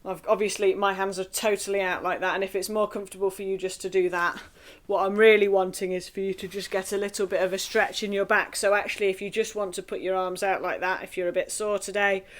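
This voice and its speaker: A woman leading a singing group through warm-up exercises, encouraging and playful, chanting rhythms and vocal sounds. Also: medium pitch, little pitch movement, fast, few pauses.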